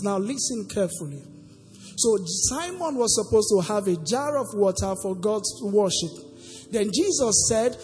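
A woman's fairly high, darkish voice rings through a church hall as she preaches, drawing answers from the congregation with questions and lilting some lines sing-song. Faint music plays under a long hall reverb.

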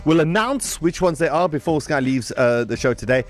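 A man hosting a morning radio show, animated and quick to laugh, from South Africa. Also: a little high. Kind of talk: lively morning radio banter.

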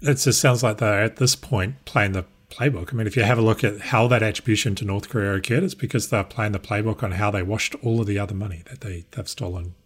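A man with a New Zealand accent, cohosting a podcast in thoughtful, measured casual chat. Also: lowish voice, fairly even intonation, slightly rough. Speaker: guest cohost.

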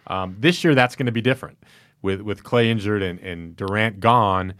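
A man discussing basketball in a measured way and asking his co-host questions. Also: lowish voice, fairly bright tone. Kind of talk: casual sports discussion.

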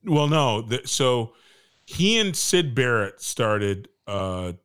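A man's voice: mid-range voice, big pitch swings, slow, fairly bright tone, smooth. A man co-hosting a casual podcast chat, teasing the others and chuckling, with some swearing. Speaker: podcast co-host.

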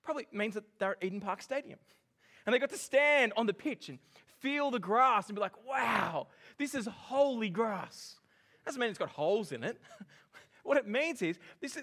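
A man preaching a sermon, animated and joking as he makes his points. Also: very high voice. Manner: animated and joking, with lively emphasis. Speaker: pastor.

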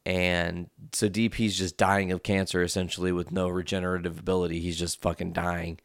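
Man, deep and gravelly, smooth tone, loose and rambling, swearing through a movie recap. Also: flat delivery, a little fast, dry recording, studio quality. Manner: rambling, swears freely, lots of fillers. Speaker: movie reviewer.

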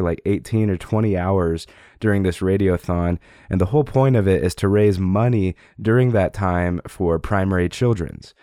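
A man's voice: sits low, warm tone, no room sound, clean studio sound. Sick young man hosting a podcast. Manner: upbeat, encouraging, with frequent fillers. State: sick, strained voice. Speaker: podcast host. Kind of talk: casual solo podcast talk.

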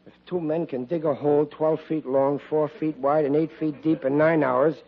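A man's voice: fairly high pitch, fairly even intonation, normal speed, close to an everyday voice. An actor playing a blustering, bumbling working-class father in a 1940s radio comedy, stammering when flustered, on a lo-fi old broadcast.

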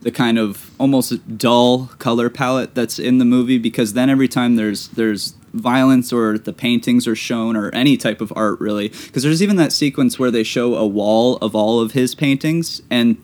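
A man's voice: medium pitch, moderate pace, hardly any pauses, darkish tone. A man co-hosting a film podcast, talking casually and with easygoing enthusiasm. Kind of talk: casual film review chat.

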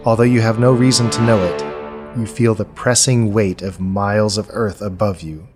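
A man narrating a tabletop game as game master, in slow, immersive second-person storytelling. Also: lowish voice, fairly even intonation, a little mellow. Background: faint music.

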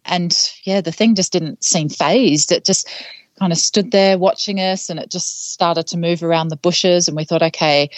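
A woman's voice: fairly low pitch, no echo. A woman guest on a podcast, telling a story casually with many fillers and laughs between phrases. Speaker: podcast guest, trail runner.

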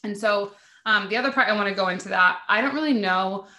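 A woman's voice: mid-range voice, fast talker, sharp tone, echoey room. A woman hosting a spiritual podcast, chatting casually and rambling with many "like" fillers. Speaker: podcast host.

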